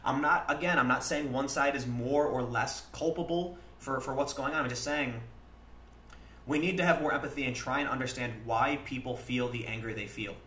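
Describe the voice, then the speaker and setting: This man, hosting a livestream, talks earnestly and conversationally, voicing quoted exchanges as if performing both sides. His medium-pitched voice sounds pushed and bright at a moderate pace. There's a roomy echo with a little background noise underneath.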